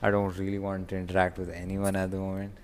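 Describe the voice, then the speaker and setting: A man's voice: sits low, monotone, fast, darkish tone, a little hiss or hum. A young man in pain telling a rambling, frustrated casual vlog from outside his home. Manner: rambling, frustrated, stopping to groan. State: in stomach pain. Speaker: vlogger. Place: outdoors away from home. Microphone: phone recording app.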